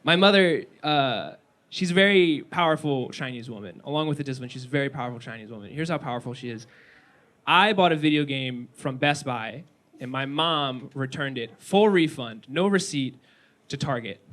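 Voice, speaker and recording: A young man performing stand-up comedy at a small live venue, animated, incredulous and wry. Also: mid-range voice, normal speed. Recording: noisy live room recording.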